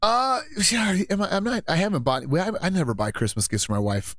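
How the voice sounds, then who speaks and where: A man's voice: high voice, big pitch swings, fairly quick, fairly bright tone, dry recording. A man hosting a live radio show, rambling casually and jokily about faith and his marriage, often laughing at himself.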